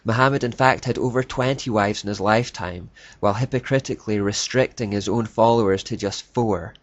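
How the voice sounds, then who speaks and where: A man reading scripted documentary narration in a measured, declarative way. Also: fairly low pitch, no room sound. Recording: dull lo-fi dry voice-over.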